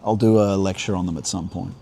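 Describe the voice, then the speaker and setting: A man with a low, warm, somewhat creaky voice and fairly even intonation livestreams unscripted religious teaching outdoors by river rapids. Earnest and reflective, he keeps restarting his thoughts; faint rushing water and slight background noise fill in behind.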